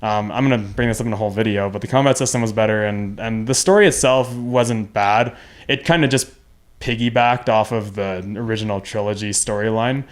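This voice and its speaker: A man's voice: fairly low pitch, fairly even intonation, moderate pace. A young man co-hosting a gaming podcast in casual chat, rambling and correcting himself as he goes. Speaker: podcast co-host.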